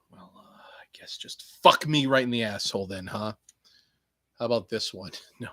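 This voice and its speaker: A man's voice: lowish voice, a little slow, pauses often, no echo. Rambling sarcastic man on a dry mic. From Canada. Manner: rambling, sarcastic, swings from mutters to loud outbursts. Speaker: podcast host previewing wrestling shows. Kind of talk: casual solo chat.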